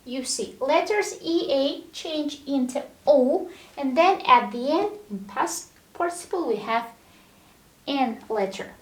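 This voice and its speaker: A woman teaching English verbs, saying each form slowly and clearly and often checking in with the learner. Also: high voice, expressive, roomy sound. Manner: drills verb forms one word at a time, checks in with "all right?". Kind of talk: slow, deliberate language lesson.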